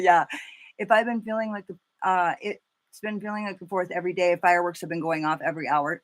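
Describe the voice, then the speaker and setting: A woman in her thirties chatting casually and cursing freely as she does her makeup live for viewers, telling stories with animated energy. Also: lowish voice, moderate pace, long pauses. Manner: chatty, profane, animated storytelling. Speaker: makeup vlogger.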